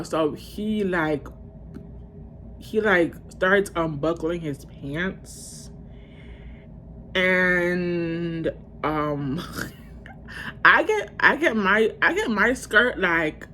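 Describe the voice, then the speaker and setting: Animated young woman telling a story. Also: mid-range voice, slight background noise. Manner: animated, profane, rambling with sudden loud outbursts. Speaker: vlogger. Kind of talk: casual storytime.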